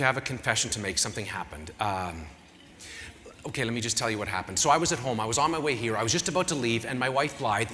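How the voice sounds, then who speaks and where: A man's voice: mid-range voice, sharp tone, a little hiss or hum. A man emceeing a gala, telling a rambling comic story packed with sponsor plugs to a live audience. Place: large convention hall. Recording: echoey hall, faint crowd ambience.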